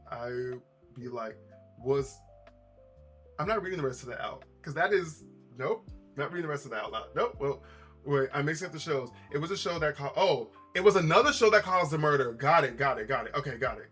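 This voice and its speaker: A man's voice: mid-range voice, lively intonation, brisk, a bit bright, soft background music. A man chatting casually on a live stream, rambling with lots of repeats and asides to his chat.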